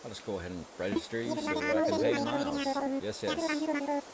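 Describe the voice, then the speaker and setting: A man's voice: very high voice, huge pitch swings, a little fast, a loud crowd, voice pushed up, heavily acted. A man voicing a polite male raccoon shopkeeper in a put-on Southern accent, reading game dialogue aloud in a formal, courteous way.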